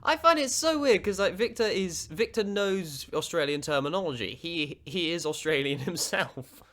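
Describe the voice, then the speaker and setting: A man's voice: a little high, expressive, moderate pace, fairly bright tone. A man hosting a reaction video, giving casual commentary that rambles, stammers and restarts.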